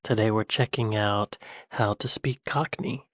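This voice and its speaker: A man's voice: lowish voice, a little slow, dry recording. An American man hosting a reaction channel, thinking aloud and asking puzzled questions in casual commentary. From United States.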